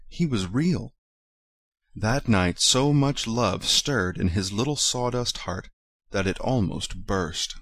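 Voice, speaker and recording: Low-voiced man reading a storybook. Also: expressive, slow pace, fairly bright tone, no room sound. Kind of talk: storybook read-aloud.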